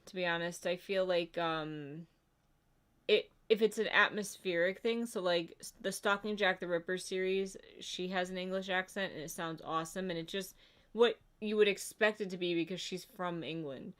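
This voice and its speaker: A woman's voice: lowish voice, fairly even intonation, moderate pace, a bit bright. Woman cohost on a livestream, casual rambly chat, lots of "like", reads comments out. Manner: chatty, rambling, says "like" a lot. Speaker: co-host of a livestream.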